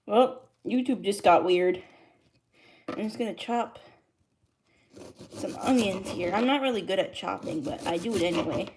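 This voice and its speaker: A woman's voice: medium pitch, a little slow, long pauses, a little mellow. A woman cooking on a livestream in her home kitchen, chatting casually as she greets viewers and reads the chat aloud. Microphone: streaming mic.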